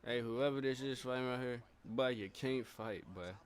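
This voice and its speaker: A man streaming live, giving casual, slangy reaction commentary that repeats short phrases and breaks into loud bursts of surprise. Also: medium pitch, moderate pace.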